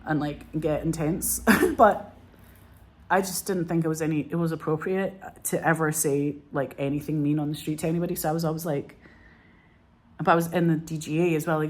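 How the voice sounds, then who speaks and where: A woman in her forties, a film director telling stories in an animated, profane way during an interview. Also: low-pitched, brisk. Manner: animated, profane, acts out quotes. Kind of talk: candid interview storytelling.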